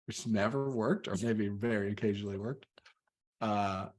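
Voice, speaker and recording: A man in his thirties, a father telling a parenting story in casual chat, rambling and relaxed with lots of fillers. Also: on the low side, normal speed.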